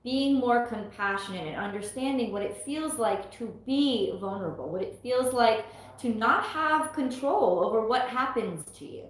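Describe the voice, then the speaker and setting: Chatty tarot reader in an echoey room. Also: female voice, on the high side, animated, normal speed, few pauses. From US East Coast. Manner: chatty, laughs often, exclaims at the cards. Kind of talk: casual live tarot reading.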